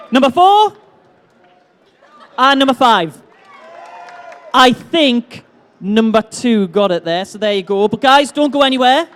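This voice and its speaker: A man hosting a fan convention stage, loud and playful as he banters with the crowd and runs a giveaway. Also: very high-pitched. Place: big indoor convention hall stage.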